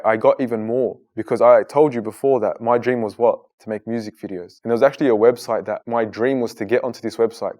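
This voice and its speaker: Earnest man telling his story. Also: medium pitch. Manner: earnest, animated when retelling dialogue. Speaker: guest, Muslim content creator. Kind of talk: reflective interview storytelling.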